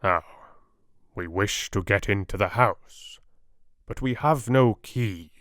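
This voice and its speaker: A wise, patient old Dutch professor , as a male audiobook reader puts him on, lays out his reasoning in slow, deliberate, broken English. The voice sits a little low. It is recorded close and dry, with no room around it. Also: fairly bright tone, dry recording. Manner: broken, foreign-sounding English phrasing, grave and measured. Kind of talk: audiobook character reading.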